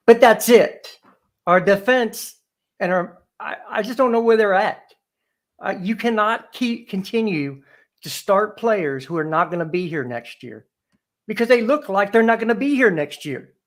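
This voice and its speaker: Deflated, hesitant man, fairly high voice. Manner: deflated, hesitant, with many fillers. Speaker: guest fan. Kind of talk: casual post-match chat.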